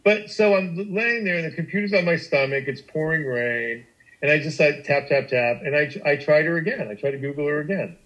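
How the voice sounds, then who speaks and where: A middle-aged man with a somewhat high voice tells a personal story on a podcast. He speaks in an animated, emphatic way, often restarting his sentences and swearing freely. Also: brisk, dull audio. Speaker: guest storyteller.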